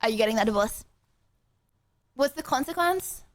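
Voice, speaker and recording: A woman streamer chatting casually to her live audience, playfully bossy and full of quick asides. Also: on the high side, lively intonation, no room sound.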